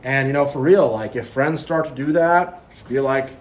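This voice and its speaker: A man speaks at a normal speed in a mid-range voice, his sound roomy. In a heated monologue to camera, he plays the preachy spiritual vlogger, repeating his points, warning viewers, and parodying others through quoted voices.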